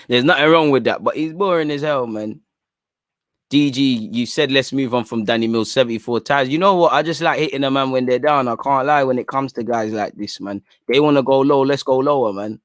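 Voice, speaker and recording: A young man hosting a livestream, talking in animated, slangy casual banter. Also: medium pitch, normal speed, dry recording, clean studio sound. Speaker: fan channel livestream host.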